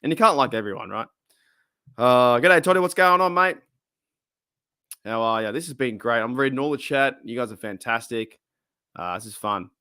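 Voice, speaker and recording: Australian male stream host, rambling chatty delivery, mid pitch, dry close-miked sound. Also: normal speed, long pauses, smooth, no echo. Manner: rambling, chatty, laughs often, lively swings in pitch. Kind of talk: casual live stream chat.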